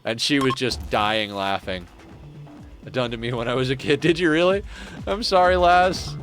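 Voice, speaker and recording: A man's voice: medium pitch, expressive, moderate pace, fairly bright tone, soft background music. A man casually commenting on his game as he plays, chatting with viewers and thinking aloud. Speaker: streamer.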